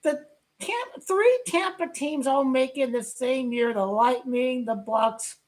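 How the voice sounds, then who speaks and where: Woman sports vlogger, very high and unhurried, shouts her hot takes over and over. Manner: loud, excitable, repeats herself, often shouts. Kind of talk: ranting sports commentary.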